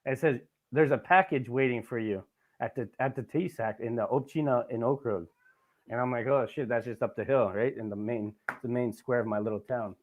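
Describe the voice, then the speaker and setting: A man's voice: mid-range voice, brisk, phone-quality sound. A man hosting a casual podcast, telling a rambling, profane story with lots of asides. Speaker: podcast host.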